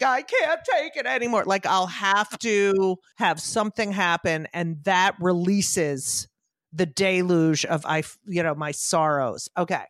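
A woman comedian as a podcast guest, talking quickly and laughing at herself. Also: fairly low pitch, no room sound, clean studio sound. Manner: quick, self-mocking, laughing. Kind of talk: interview conversation.

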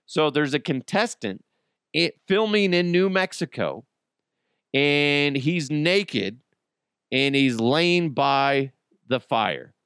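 Give me a crude, mocking male podcast host with an animated, slightly high voice, recorded dry and close. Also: slow pace, smooth, no room sound. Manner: crude, mocking, laughs at his own jokes. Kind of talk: comedic podcast rant.

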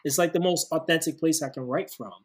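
A man's voice: fairly high pitch, fast talker, slightly rough. A man guesting on a podcast as a songwriter, talking earnestly about relationships and laughing easily. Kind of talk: casual chat.

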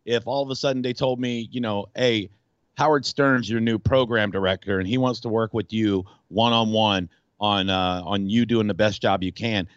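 Male radio host, low voice, rambling and animated, dry close mic. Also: normal speed, smooth, dry recording, muffled recording. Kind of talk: casual sports talk.

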